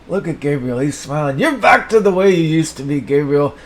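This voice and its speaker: A man improvising an absurd, profanity-laced comedy monologue, rambling and swinging between mumbles and sudden shouts. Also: on the high side, expressive, moderate pace, slight background noise.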